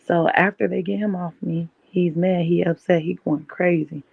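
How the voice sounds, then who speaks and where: A young woman, telling a personal story candidly on her podcast in a conversational, animated way. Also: on the low side, normal speed, gravelly, slightly rough. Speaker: podcast host. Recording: dull, dry, lo-fi mic.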